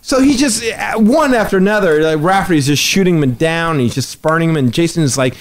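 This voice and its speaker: Telling a story in a relaxed podcast chat, this male host speaks on the high side, a little quickly and with hardly any pauses. He performs each quote with lively, animated energy.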